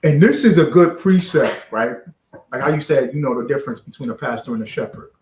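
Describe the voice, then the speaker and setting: A lively man leads a scripture class, his pitch jumping high and low as he works the room with questions. He sounds a little far from the mic. Everything rings in an echoey space. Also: brisk, a little hiss or hum. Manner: animated, call-and-response, acts out voices. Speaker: teacher leading a scripture class. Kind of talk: street-preaching style scripture class. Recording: roomy echo, distant from the mic.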